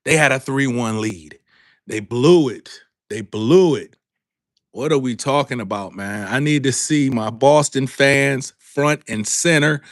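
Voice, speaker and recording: A man hosting a live sports talk stream, calling out to his viewers and repeating himself in a drawn-out way. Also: medium pitch, no echo, studio quality. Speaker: sports talk show host. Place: home studio with a green background.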